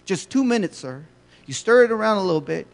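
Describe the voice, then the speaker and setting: A man's voice: sits high, lively intonation, a little fast, creaky, voice pushed up. A man voicing a relentlessly polite, cheerful male grocery cashier who keeps saying "sir", heard with a long hall reverb. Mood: helpful. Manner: chipper, calls everyone sir.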